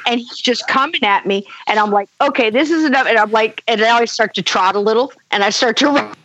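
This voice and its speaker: A woman's voice: on the high side, brisk, no room sound. A middle-aged woman, a guest on a talk show, telling a story with laughter and acting out what she said. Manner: animated, laughs often, acts out her own quotes. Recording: dull dry sound.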